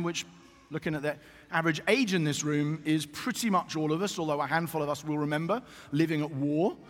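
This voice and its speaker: A man preaching a sermon to a congregation, telling stories with animated asides. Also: sits high. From Britain. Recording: long reverb in a hall.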